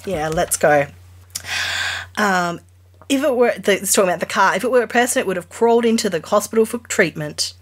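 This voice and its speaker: A woman's voice: mid-range voice, expressive, fairly quick. Female podcast co-host, casual and blunt, exasperated, swears freely. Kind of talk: casual chat.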